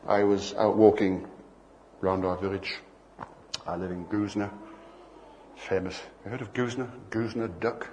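An older man delivering a sermon in a lowish voice, with a faint hiss of noise under the recording. He moves easily between scripture and playful stories, acting out little exchanges with passersby. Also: steady tone, unhurried, pauses often, darkish tone. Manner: anecdotal, playful, acts out dialogue. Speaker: preacher.

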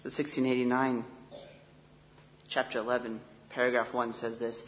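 A man's voice: mid-range voice, little pitch movement, moderate pace, long pauses. Earnest man preaching in an echoey hall. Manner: earnest, conversational with restarts. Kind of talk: sermon. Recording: long echo of a large hall.

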